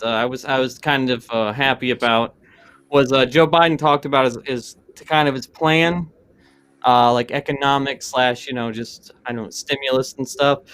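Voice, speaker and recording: Man, host, mid-pitched, halting restarts, casual swearing, video call mic. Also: a bit bright, clean tone. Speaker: stream host. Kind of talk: casual livestream panel chat.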